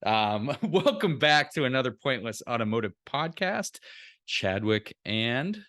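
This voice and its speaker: A man's voice: medium pitch, sing-song, normal speed, a bit bright. A man co-hosting a podcast in casual chat, laid-back and joking, laughing often and swearing freely. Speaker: podcast co-host.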